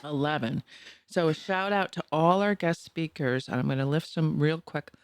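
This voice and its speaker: A woman in her sixties with a Boston accent co-hosts a podcast, chatting in a bubbly, casual way and laughing often. Her voice is low and clean at normal speed, captured in a dry, studio-quality recording.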